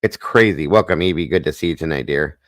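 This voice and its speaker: A man hosting a live stream, chatting casually in a rambling, folksy way and clearing his throat now and then. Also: extremely low pitch, quick pace, a bit bright. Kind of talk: casual chat.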